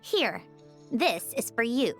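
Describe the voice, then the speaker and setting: A woman's voice: a little high, big pitch swings, slow, soft background music, exaggerated voice. A woman voicing a reserved mechanical inventor in a game, curt and matter-of-fact. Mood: dry.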